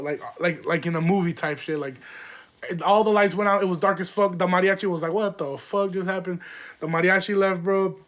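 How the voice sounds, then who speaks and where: A young man with a notably high voice for a man tells loose, rambling stories on his podcast. He talks in slang, swears freely and fills his sentences with "like" and "um." It is an easygoing, solo monologue. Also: a bit bright. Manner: rambling, profane, slangy, lots of fillers. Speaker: podcast host. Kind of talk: casual storytelling monologue.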